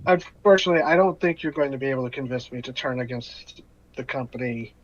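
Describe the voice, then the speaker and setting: A man voicing a guarded, weary company agent who speaks in measured, halting phrases. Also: mid-range voice, close to an everyday voice. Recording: muffled online call audio.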